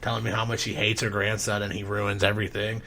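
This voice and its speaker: A man who works as a home inspector tells a story in a casual, rambling podcast style, swearing often and clearing his throat. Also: lowish voice, little pitch movement, fast, pushed and bright, a little hiss or hum.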